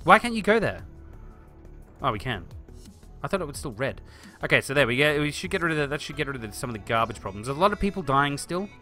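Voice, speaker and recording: Bright, excitable male game streamer. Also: fairly high pitch, quick pace, faint music behind. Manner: chatty, reads chat aloud, excitable. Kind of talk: live stream commentary.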